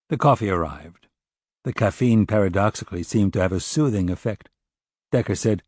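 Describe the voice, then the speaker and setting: Low-voiced male audiobook narrator. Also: normal speed, darkish tone, no echo, clean studio sound. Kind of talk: scripted narration.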